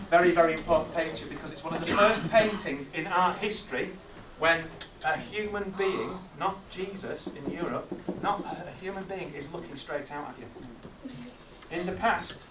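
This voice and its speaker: A man's voice: fairly high pitch, moderate pace. Man teaching pupils in an echoey classroom. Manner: lively, questioning, frequent tag questions. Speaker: teacher leading a maths master class. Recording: echoey classroom from far off, noisy.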